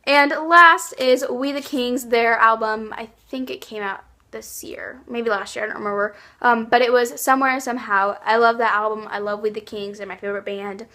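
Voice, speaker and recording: Young girl vlogging her faves, gushy and bubbly, bright kinda high voice. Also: steady tone, moderate pace, few pauses. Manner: gushing, bubbly, lots of likes and ums. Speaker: YouTube vlogger. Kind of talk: casual favorites vlog.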